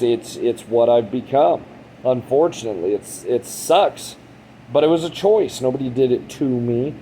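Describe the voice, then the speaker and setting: A man's voice: mid-range voice, mellow, a little hiss or hum, low-quality recording. A man in his thirties talking bluntly and frankly in a casual monologue, rambling and swearing a lot. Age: 30s. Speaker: vlogger.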